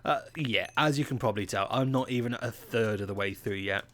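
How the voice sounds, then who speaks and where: A man's voice: medium pitch, a little fast, a bit bright, dry recording. A man from England with an English accent, giving chatty, playful gameplay commentary with self-mocking asides. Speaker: gaming channel host.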